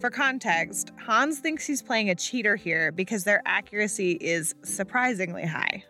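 A woman co-hosting a podcast, reading scripted narration in a wry, conversational way. Her voice is bright and crisp. Faint music plays under her. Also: medium pitch, animated, normal speed. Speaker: podcast co-host.

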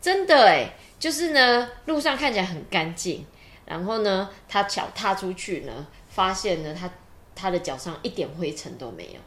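A woman chattily explaining a children's story in short phrases, pausing on fillers. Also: mid-range voice, sing-song, fairly bright tone, reverberant.

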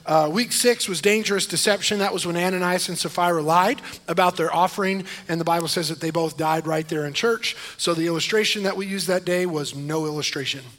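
A male pastor preaching a sermon, mixing joking asides with loud, emphatic stretches that call for amens. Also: high-pitched, fairly quick, hardly any pauses.

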